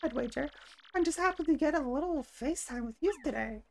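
Woman reading a rambling old game turtle, no character voice, high-pitched. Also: expressive, brisk, creaky, a little mellow, slight background noise. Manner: reads the lines aloud in her own plain voice.

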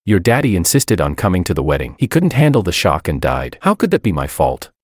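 A man voicing a scheming man who is smooth and falsely gentle, and who speaks in a soothing, forced-calm way. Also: sits low, a little fast, dry recording, clean studio sound, heavily acted. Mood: defensive.

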